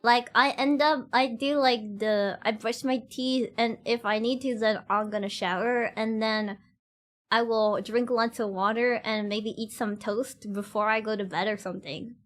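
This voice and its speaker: A woman's voice: a little high, fairly even intonation, a little slow. A woman streamer chatting casually with her viewers, giggling and laughing often, with loose, slightly non-standard grammar.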